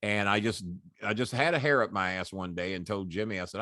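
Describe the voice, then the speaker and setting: A middle-aged man, guesting on an interview and telling animated, profane, boastful anecdotes. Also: fairly low pitch, quick pace, no room sound, studio quality. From Louisville, Kentucky. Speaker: guest, former wrestling manager. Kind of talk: casual storytelling interview.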